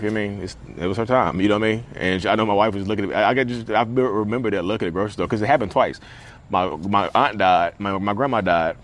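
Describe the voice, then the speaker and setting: A man's voice: sits low, quick pace, a little hiss or hum. A man talking casually to camera outdoors at a beach, rambling and conversational with lots of fillers. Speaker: vlogger.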